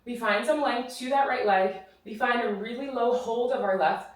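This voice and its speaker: A slightly high-voiced woman, speaking at a normal pace and out of breath, leads a follow-along Pilates class as the instructor, offering encouraging cues and counting reps. She's in a studio with a reformer machine, and the distant mic picks up a roomy echo.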